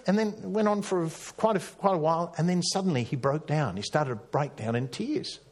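Husky preacher man telling a story. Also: high voice, a little fast, few pauses. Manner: storytelling, rising to emphatic peaks and dropping to hushed tones. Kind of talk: sermon.

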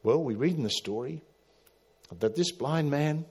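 Pastor preaching with dramatic swings. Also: male voice, fairly high pitch, expressive, unhurried, slightly rough. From Australia. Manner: dramatic, rising to loud emphatic calls then dropping quiet. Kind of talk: sermon.

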